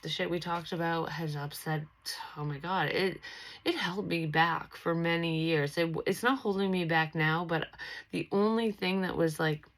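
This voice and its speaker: A woman's voice: lowish voice, moderate pace, poor audio. A young woman vlogger telling a personal story in a blunt, casual way, swearing freely and restarting her sentences. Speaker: psychic medium vlogger.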